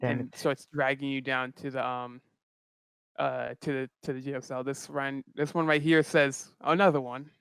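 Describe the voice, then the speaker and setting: Clear-voiced man running a tabletop game. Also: medium pitch, level tone, fairly bright tone, dry recording. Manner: halting narration with many fillers. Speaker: game master.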